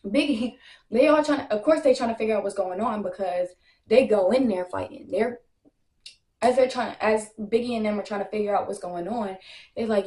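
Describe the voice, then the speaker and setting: A young woman telling a casual storytime, brash and animated, full of slang and profanity, acting out what others said. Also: fairly high pitch, normal speed. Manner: acts out other people's lines in quotes. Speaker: storytime vlogger. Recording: echoey room.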